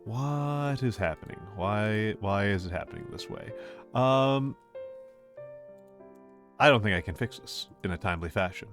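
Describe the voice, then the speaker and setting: This VTuber streamer has a lower voice and hosts a casual live stream, greeting viewers as they drop in. He rambles, restarts, and repeats his own phrases with gentle playfulness, while faint music plays quietly behind him.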